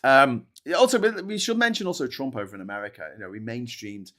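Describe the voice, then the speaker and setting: A man's voice: medium pitch, quick pace, a bit bright. Sweary ranting male stream host. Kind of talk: live-stream commentary reading viewer comments.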